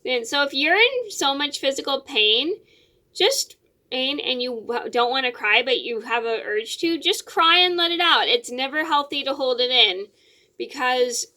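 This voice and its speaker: A woman's voice: high voice, expressive, a little slow, sharp tone. A young adult woman vlogger telling a personal story in a casual, rambling way, with lots of fillers and repeated words.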